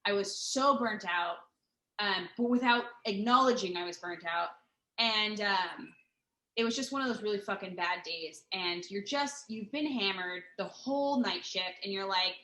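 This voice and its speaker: A woman's voice: mid-range voice, normal speed, pushed and bright. A woman telling a long story in casual chat, rambling and profane, with lots of fillers and restarts. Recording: roomy echo.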